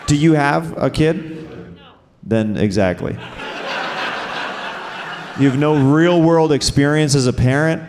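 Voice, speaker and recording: A man's voice: medium pitch, slow pace, pauses often, noisy background. Loose, riffing stand-up host, a man. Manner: loose, chatty, riffing on audience suggestions. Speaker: host and comedian. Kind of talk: improvised stand-up and crowd work. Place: comedy festival stage.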